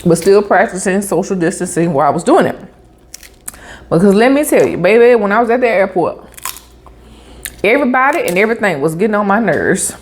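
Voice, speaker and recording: A woman vlogger, telling a story in a chatty, animated way with asides like "honey" and "baby" while she eats. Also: medium pitch, fairly quick, pauses often. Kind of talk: casual storytelling while eating.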